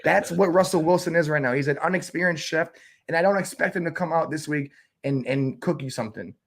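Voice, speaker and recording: Excitable ranting man on fantasy football. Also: a little fast. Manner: excitable, ranting, big pitch jumps; exasperated, uses cooking metaphors. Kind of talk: animated sports chat.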